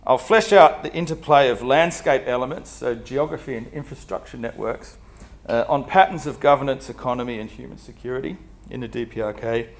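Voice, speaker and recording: A man with a husky voice from a cold, giving an academic seminar talk in a measured way with frequent fillers. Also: mid-range voice. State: has a cold, coughing. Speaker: guest lecturer.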